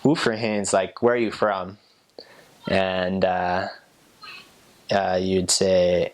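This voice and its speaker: Low, gravelly-voiced young man. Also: measured pace. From United States. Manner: relaxed, chatty, with fillers and soft laughs. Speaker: former missionary. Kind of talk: casual explanatory talk.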